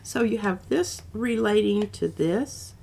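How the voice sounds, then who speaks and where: A woman's voice: medium pitch, slow pace, vocal fry, mellow, a little hiss or hum. A woman hosting a casual craft demo, chatty and rambling, with an occasional cough. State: coughing now and then. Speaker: art stream host.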